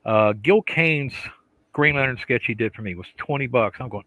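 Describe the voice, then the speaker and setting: A middle-aged man with a bright, forceful voice tells stories in casual conversation. He is animated and acts out the voices and sounds in what he tells. His pitch sits in an ordinary middle range. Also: brisk, no echo, rough recording. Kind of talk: casual chat.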